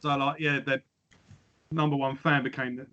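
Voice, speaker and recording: A man with a bright, forceful voice co-hosts a relaxed music podcast. He tells stories with lively energy and drops swear words freely. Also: mid-range voice, normal speed, lo-fi sound. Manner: animated storyteller who swears freely. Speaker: podcast co-host. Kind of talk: casual chat about music.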